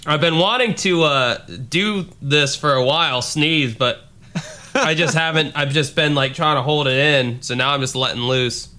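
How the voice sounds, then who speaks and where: A man's voice: on the high side, moderate pace, sharp tone. A man co-hosting a podcast, joking around in casual banter and swearing freely. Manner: joking, swears freely, breaks into silly voices and singing. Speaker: podcast co-host.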